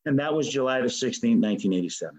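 A man's voice: medium pitch, lively intonation, very fast, darkish tone, low-quality recording. Earnest man telling his recovery story. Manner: earnest and emotional, with frequent stammered restarts; swears casually. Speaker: speaker sharing a recovery story. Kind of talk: personal testimony at a recovery meeting.

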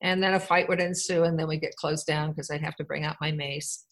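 A woman's voice: low voice, steady tone, brisk, low-quality recording. A woman from Wisconsin telling her own life story to a group, candid and rambling, with wry asides and frequent restarts. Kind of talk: personal storytelling talk.

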